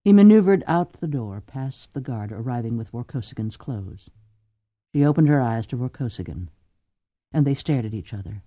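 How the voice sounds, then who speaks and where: A man narrates an audiobook with a lively, expressive delivery and a mellow tone. The audio is dry and slightly dull. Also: medium pitch, moderate pace, no echo. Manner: expressive reading. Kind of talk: scripted narration.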